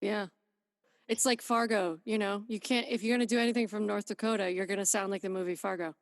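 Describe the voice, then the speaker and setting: A woman from Idaho, a guest in a casual podcast chat, talking in a chatty, animated way. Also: medium pitch, quick pace, no echo, studio quality, big-room sound. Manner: chatty and animated, slides into voices. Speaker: guest narrator.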